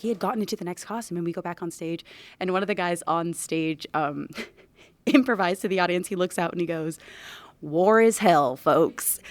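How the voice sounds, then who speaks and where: A young actress tells a casual, lively anecdote, laughing often as she goes. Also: fairly low pitch, no room sound. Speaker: actor.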